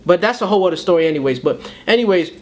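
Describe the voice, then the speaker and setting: A man's voice: high voice, expressive, racing, a little hiss or hum. A young man telling a story in a casual interview. He tells it animatedly and slips into voices for the people he quotes. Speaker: battle rapper.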